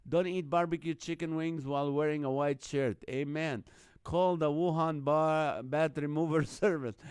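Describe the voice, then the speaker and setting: A man's voice: on the high side, a little mellow, smooth, no room sound, studio quality. Chuckling man hosting a live stream. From Middle East. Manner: jokey, laughs often, chuckling while reading names and numbers. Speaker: host of a live online show. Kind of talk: casual live-stream chat reading viewer comments.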